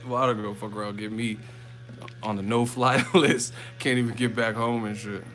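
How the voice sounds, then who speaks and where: A man's voice: on the low side, little pitch movement, moderate pace, fairly bright tone, faint music behind. A man hosting a boxing live chat from a hotel room, telling profane, joking stories. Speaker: boxing YouTuber host. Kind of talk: live-chat vlog storytelling.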